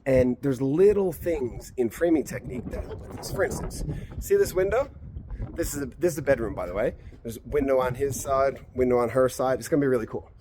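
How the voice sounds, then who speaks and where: A man walks an unroofed house frame outdoors, explaining the construction in a chatty, emphatic vlog style. His voice sits at a middle pitch, recorded on a handheld phone or camera. A faint outdoor hum runs underneath. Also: animated, a little fast. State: a little out of breath. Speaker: real estate agent touring a house build.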